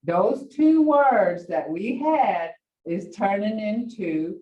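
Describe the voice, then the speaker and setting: A middle-aged woman teaches a language class in an easy, chatty way, slowing down to explain and leaping up in pitch when she quotes someone. She sounds set back from the mic, and the recording is dull and lo-fi. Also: lively intonation, warm tone, recorded from a distance. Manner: slow, chatty and laughing, with big pitch jumps when quoting. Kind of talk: casual classroom lesson with stories.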